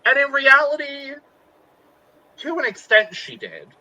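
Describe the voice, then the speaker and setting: A man's voice: extremely high pitch, very animated, measured pace, bright, forceful tone, muffled recording. A man co-hosting a podcast, recapping a reality show in a playful, jokey casual chat. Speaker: podcast co-host.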